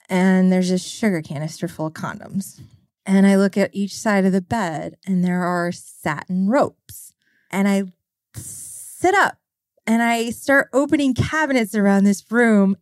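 A woman, a podcast guest, telling a travel story in a deliberate, suspense-building way. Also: mid-range voice, dry recording, clean studio sound.

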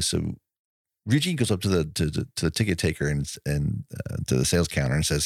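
A man with a very low, gravelly voice recaps a film in casual chat, laughing often and slipping into the characters' lines. The sound is dry and close. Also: quick pace, dry recording. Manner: animated retelling, acts out lines with laughs. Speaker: podcast co-host.

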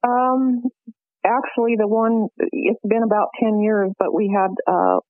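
A woman calling in to a radio show, speaking hesitantly with halting restarts. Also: medium pitch, no echo. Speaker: caller. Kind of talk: call-in radio chat. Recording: phone line.

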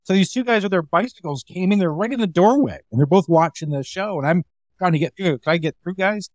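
A man's voice: high voice, lively intonation, quick pace, darkish tone, no echo. A comedian telling casual, rambling club stories, acting out the quoted lines as he goes. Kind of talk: casual storytelling chat.

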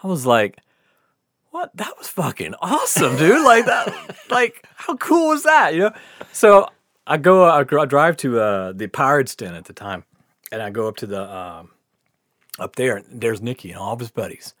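A man's voice: medium pitch, normal speed, no room sound, studio quality. A man casually telling a long, funny story, laughing often, swearing, and acting out what people said. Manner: animated, laughing, swears often, acts out quotes. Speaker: podcast guest storyteller.

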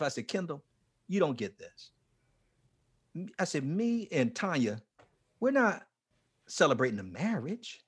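A man in his forties, a ministry leader, telling his life story with strong emotion, dropping to a hush and then rising almost to a shout. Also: fairly high pitch, sing-song, measured pace, pauses often, husky. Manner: passionate, swings from hushed to near-shouting. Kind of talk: emotional testimony in an interview.

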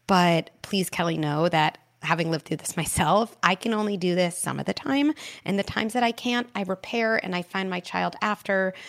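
A woman hosting an advice call-in show, talking parents through tantrums in a warm, animated way and acting out playful scripts. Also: on the low side, vocal fry. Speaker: parenting expert, show host.

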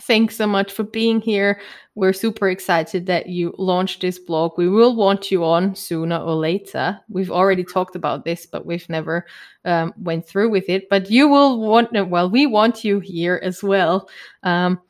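A woman's voice: on the low side, measured pace. A woman with a German accent co-hosting a podcast, chatting casually with lots of laughs and ums. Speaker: podcast co-host. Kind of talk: casual chat.

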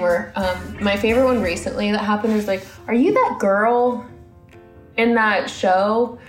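A woman's voice comes from an echoey room as she chats as a guest. She sounds bubbly and excitable, with faint music underneath. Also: mid-range voice. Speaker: guest actress. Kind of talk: casual interview chat.

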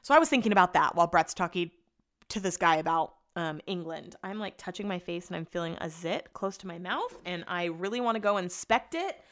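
A woman's voice: fairly low pitch, expressive, a little fast, a bit bright. A young woman podcast host telling a long personal story in a chatty, rambling way, full of filler words. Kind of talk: casual storytelling.

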